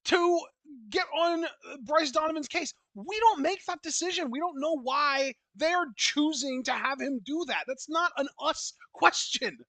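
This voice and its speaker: A man's voice: very high-pitched, unhurried, sharp tone, no echo, poor audio. A man co-hosting a casual podcast chat, exasperated and swearing as he mock-quotes listener questions. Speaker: co-host.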